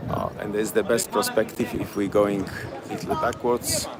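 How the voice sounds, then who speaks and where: A man's voice: on the low side, fairly even intonation, moderate pace, a loud crowd. A man with a Polish accent leading a walking tour in broken, chatty English, repeating place names as he goes. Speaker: tour guide. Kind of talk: live-streamed walking tour. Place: outdoors on city streets at night. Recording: street noise behind.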